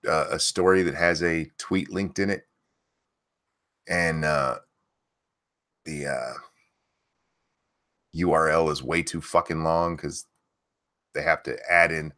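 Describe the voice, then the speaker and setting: Deep-voiced man ranting profanely. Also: slow, pauses often. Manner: blunt, sarcastic, swears often, jumps up loud in outbursts. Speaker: streamer host reading news. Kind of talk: profane live-stream news rant.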